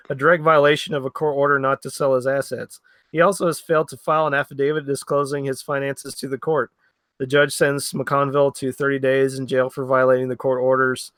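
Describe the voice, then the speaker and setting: A male podcast host with a fairly high voice reads a news story to his co-hosts. He stumbles over names now and then, and the sound is dry and close to the mic. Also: a bit bright, clear, resonant tone, no room sound. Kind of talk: casual comedy podcast chat.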